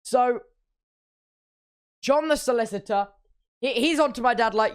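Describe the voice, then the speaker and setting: Animated young man telling a story. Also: extremely high pitch, moderate pace, pauses often, clear, resonant tone. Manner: playful, exaggerating, puts on silly voices for others. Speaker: streamer. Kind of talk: casual storytelling on stream.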